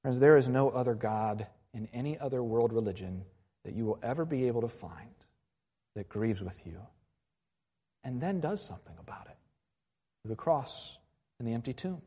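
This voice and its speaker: A man preaching a sermon as a pastor, earnest, moving between quiet reflective lines and raised passages. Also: mid-range voice, expressive, moderate pace, long pauses, husky. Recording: long hall reverb.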